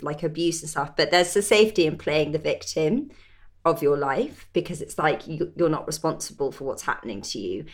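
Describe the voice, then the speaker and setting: Low-voiced woman in casual chat.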